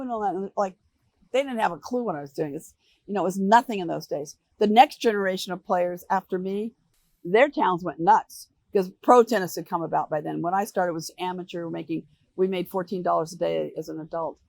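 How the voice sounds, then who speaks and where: An older American woman answering interview questions, telling animated stories and acting out the voices of people she quotes. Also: on the low side, a little fast, creaky, dry recording. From United States. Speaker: interview guest. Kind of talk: relaxed storytelling interview.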